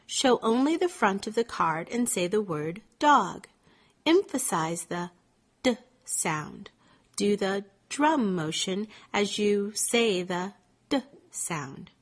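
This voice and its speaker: A woman slowly narrating scripted teaching instructions in a measured, clearly articulated way. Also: medium pitch, a bit bright. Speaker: teacher giving lesson instructions.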